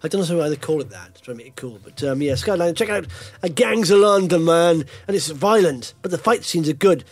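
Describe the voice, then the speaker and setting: A Welsh man co-hosting a podcast, telling stories in a rambling, animated way with lots of ums. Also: a little high, a little fast, few pauses, dry recording. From Wales. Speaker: podcast co-host. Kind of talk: casual chat.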